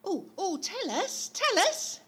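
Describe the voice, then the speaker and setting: An eager, gushing actress character, played by a woman in a comedic audio play. Her voice sits high and bright, swooping widely up and down while she takes her time over the words. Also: a little slow, background noise. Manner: gushing, excitable.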